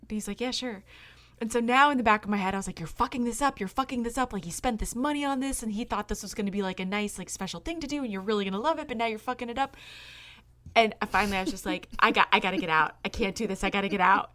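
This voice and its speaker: Bright-voiced woman telling a story. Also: medium pitch, quick pace. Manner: rambling, laughs through the story. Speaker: podcast co-host. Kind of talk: casual storytelling chat.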